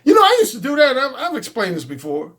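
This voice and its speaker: A man's voice: very high voice, huge pitch swings, fast talker, a bit bright. A middle-aged man, a dating coach, talking bluntly and profanely in a casual unscripted monologue.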